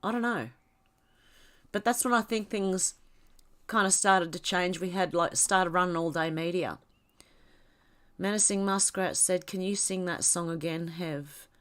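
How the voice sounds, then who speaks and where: An Australian woman with a stuffed-up nose from a cold hosts a casual livestream, her voice on the low side and a bit bright. She speaks at a measured pace with long pauses, reading viewer comments, rambling chattily and laughing often.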